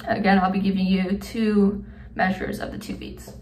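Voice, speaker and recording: A young woman explaining a drum audition in a relaxed way with lots of fillers, counting beats aloud as she plays. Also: mid-range voice, normal speed, distant mic. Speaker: student drum instructor. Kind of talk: casual instructional demo. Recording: echoey room, off-mic, faint noise.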